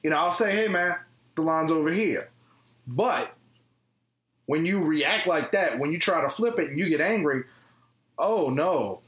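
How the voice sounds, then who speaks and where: A man co-hosting a podcast, laying out his everyday gripes in measured casual chat. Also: on the high side, animated, a bit bright, roomy sound. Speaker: podcast co-host.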